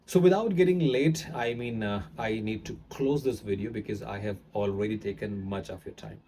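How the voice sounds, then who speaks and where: A man teaching accents to camera, explaining in a rambling way with frequent pauses. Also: on the low side, mellow, slight background noise.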